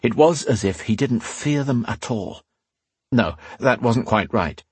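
A male narrator giving a measured, dramatic reading of a fantasy audiobook on a close mic. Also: medium pitch, lively intonation, slightly rough, no room sound.

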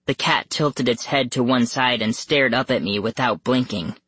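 An audiobook narrator reading a first-person spooky story slowly and suspensefully. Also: mid-range voice, a bit bright, breathy edge, no room sound. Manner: slow, measured and suspenseful, rising tense at scary moments. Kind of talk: first-person scripted horror narration for young readers.

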